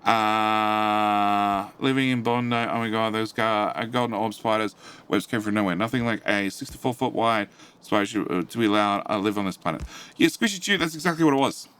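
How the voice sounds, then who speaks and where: A man's voice: on the low side, moderate pace, a bit bright, smooth. A man live-streaming a game from his home studio, chatting casually and reading out chat messages. He rambles, swears offhandedly and fills gaps with "uh".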